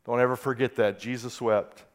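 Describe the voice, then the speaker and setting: A man preaching a sermon who reads scripture aloud and swings from quiet, soft passages to loud, impassioned peaks. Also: mid-range voice, fairly even intonation, normal speed. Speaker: pastor.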